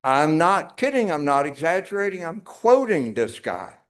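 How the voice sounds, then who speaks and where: A man's voice: on the high side, very animated, moderate pace. Emphatic man giving a talk. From North Carolina, US. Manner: emphatic, wry, repeats for effect. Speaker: speaker. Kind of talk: public talk.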